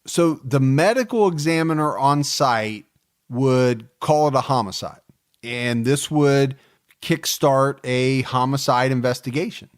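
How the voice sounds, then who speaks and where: A man in his forties co-hosting a true-crime podcast, telling the case in a relaxed, joking way with plenty of fillers. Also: medium pitch, measured pace. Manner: storytelling, joking, many fillers. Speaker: podcast co-host.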